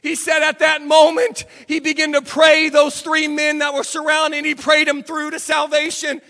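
A man's voice: very high-pitched, completely flat delivery, moderate pace, bright, forceful tone, in a large hall. A man preaching a sermon, telling a story dramatically. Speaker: pastor. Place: church sanctuary.

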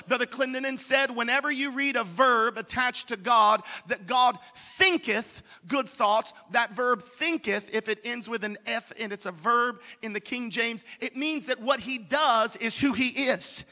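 A male preacher with a very high, piercing bright voice delivers a fiery Pentecostal sermon. He swells into shouts as he drives his points home. His voice rings out with a long reverb through a big church sanctuary. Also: normal speed, few pauses. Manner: impassioned, rising to shouts.

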